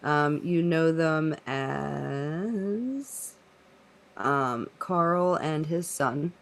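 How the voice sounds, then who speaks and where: A woman's voice: deep voice, expressive, drawn-out words, vocal fry. A woman game master who narrates a tabletop role-playing game casually, with many fillers.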